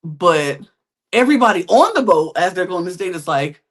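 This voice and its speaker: A woman hosting a podcast, recapping reality TV in an animated, chatty storytelling style with slangy quips. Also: lowish voice, a little fast. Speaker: podcast host.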